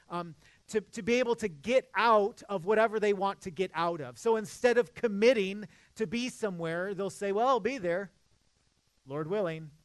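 High-voiced man preaching a sermon, dry sound. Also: clear, resonant tone, no room sound. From Midwest United States. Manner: earnest, conversational preaching with frequent restarts. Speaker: pastor.

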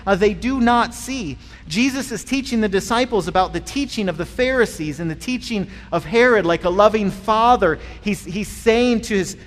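A man preaching a sermon in a conversational, animated way, often repeating words as he starts a phrase. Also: high-pitched, big-room sound. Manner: conversational and animated, acting out voices in stories. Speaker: pastor.

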